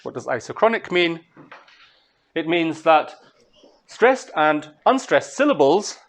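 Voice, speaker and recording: A man from Scotland, a translator giving a master class, lecturing in a relaxed way, thinking aloud with fillers and small laughs. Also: a little high, takes it slowly, pauses often.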